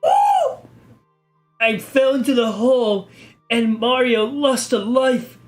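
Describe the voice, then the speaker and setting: A man giving a mock-serious, deadpan reading of an amateur horror story, stumbling over the text now and then. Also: extremely high pitch, a little slow, soft background music. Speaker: video creator reading a story.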